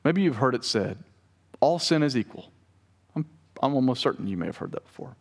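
Male pastor, mid pitch, chatty preaching style, long hall reverb. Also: expressive, brisk, gravelly, husky. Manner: conversational preaching with asides to the congregation. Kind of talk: sermon.

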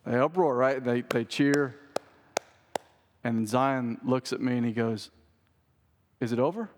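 A man's voice: medium pitch, fairly even intonation, a little slow, slight background noise. A man, a pastor preaching a sermon in a conversational, storytelling way. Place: church sanctuary. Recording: long church hall reverb.

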